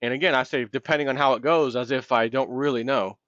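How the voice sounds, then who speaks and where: A man's voice: mid-range voice, fairly even intonation, fast, fairly bright tone, no room sound, lo-fi sound. A man hosting a solo commentary video, ranting in a heated, impassioned way and acting out imagined callers.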